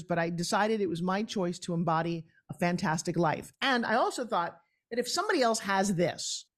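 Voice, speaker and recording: A woman guest on a podcast, a professional coach, telling her story in an energetic, emphatic way. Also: medium pitch. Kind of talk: podcast interview.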